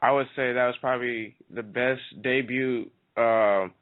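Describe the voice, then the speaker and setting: A man's voice: mid-range voice, fairly even intonation, a little slow. A man with a mid-range voice hosts a casual wrestling chat, stumbling through fillers and slang. His voice comes through thin, like a phone line. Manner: hesitant, many fillers, slangy. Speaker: radio show host. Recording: tinny phone-like sound.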